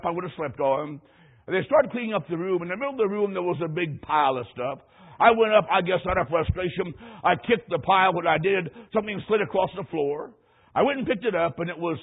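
High, husky male preacher, folksy storyteller, phone-thin radio sound. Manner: folksy storytelling, emphatic rising lines. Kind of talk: sermon with personal story. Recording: tinny phone-like radio broadcast.

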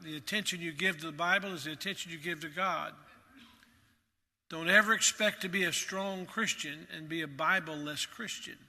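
A pastor, a man with a very bright, slightly high voice, preaches earnestly to his congregation. His words ring out through a reverberant church sanctuary. He repeats phrases for emphasis. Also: moderate pace. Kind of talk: sermon.

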